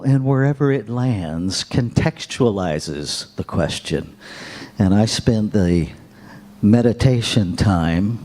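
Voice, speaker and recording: Playful minister, lively slow speech. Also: male voice, lowish voice. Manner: playful, chuckling, teasing. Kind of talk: informal sermon introduction.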